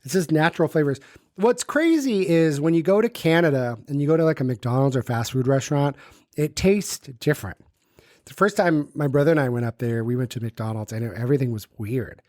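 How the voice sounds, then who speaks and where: A man's voice: on the high side, lively intonation, a little fast, darkish tone, no room sound, studio quality. A man from the United States co-hosting a podcast in casual chat, rambling, swearing freely and acting out quoted voices. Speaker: podcast co-host.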